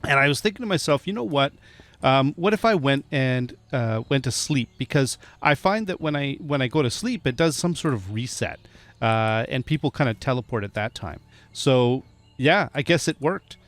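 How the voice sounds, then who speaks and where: A man's voice: mid-range voice, animated, moderate pace. A man giving casual, chatty gameplay commentary, often laughing and talking to the animals in the game. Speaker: gameplay streamer. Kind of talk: casual let's-play commentary.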